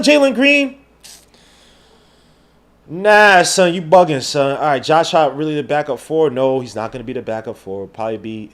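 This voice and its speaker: Slangy New man hosting a podcast. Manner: slangy and rambling, swinging between loud outbursts and low mutters. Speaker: podcast host. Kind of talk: casual live-stream chat.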